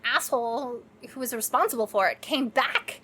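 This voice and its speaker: A woman's voice: a little high, normal speed, pushed and bright, a little hiss or hum. A young woman guesting on a casual podcast, thinking aloud and asking lots of questions. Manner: thoughtful, asks many questions.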